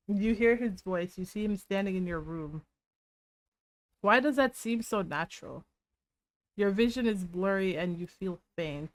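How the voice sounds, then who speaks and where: A young woman streamer playing a story game, reading the text aloud and reacting emotionally with loud exclamations. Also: medium pitch.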